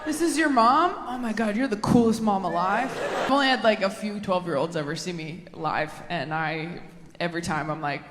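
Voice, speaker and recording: A woman's voice: lowish voice, normal speed. A woman doing stand-up, teasing the crowd with incredulous questions and often laughing mid-line. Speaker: stand-up comedian. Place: large comedy venue with live audience. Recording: live hall reverb with crowd noise.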